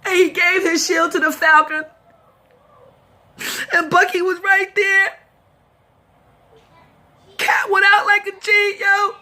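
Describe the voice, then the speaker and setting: A high-pitched woman with a bright, sharp voice gives a casual film review on her vlog. She cries as she talks, sobbing and laughing in turns. She rambles on like an excited fan. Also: slow, long pauses. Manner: tearful, talks through sobs and laughs. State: crying.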